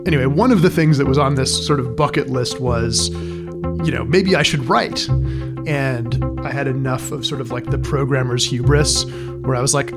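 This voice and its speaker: A man's voice: mid-range voice, steady tone, moderate pace, over music. A man, a tech co-founder being interviewed, telling stories in a chatty, self-deprecating way. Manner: chatty, self-deprecating, with many fillers like "like" and "you know". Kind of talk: casual storytelling.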